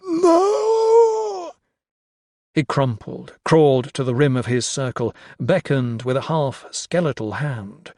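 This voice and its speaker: A man narrating a horror story with slow, expressive storytelling. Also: medium pitch, no echo, studio quality. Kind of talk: dramatic audiobook narration.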